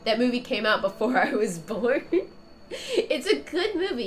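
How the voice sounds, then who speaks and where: Soft music plays in the background while a stuffy-nosed woman streams a game, giving loose, rambling commentary broken up by frequent laughter. She has a fairly high, expressive voice and keeps a measured pace.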